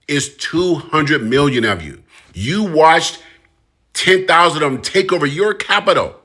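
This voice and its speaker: A commentator with a slightly high, sharp-toned voice speaks at a normal pace but with lots of animation. He delivers an impassioned monologue straight to his audience, direct and emphatic, repeating phrases to hammer his points home.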